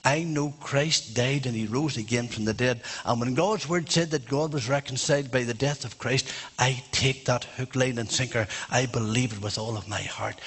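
A man's voice: mid-range voice, fairly bright tone, husky. A man preaching a sermon in a church, fervent and emphatic.

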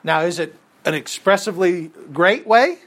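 Man, Bible class teacher; relaxed, chatty lecturing, voice sits a bit high, keeps asking the room questions. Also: normal speed. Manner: conversational, quizzes the class with questions.

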